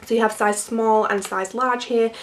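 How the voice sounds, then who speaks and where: A young woman vlogger, croaky from a cold, chatting casually through a product unboxing with plenty of fillers. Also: on the high side, steady tone, moderate pace, recorded from a distance, slight background noise. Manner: chatty, filler-heavy, laughs often.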